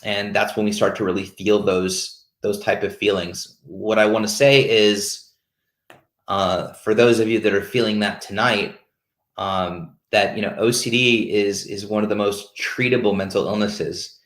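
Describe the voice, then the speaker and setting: Host type: a man, lower pitched, speaking frankly on a video call that carries a roomy echo. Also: fairly even intonation, unhurried, fairly bright tone. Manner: open, searching, stops and restarts often. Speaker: host of a peer support call. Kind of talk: candid casual talk.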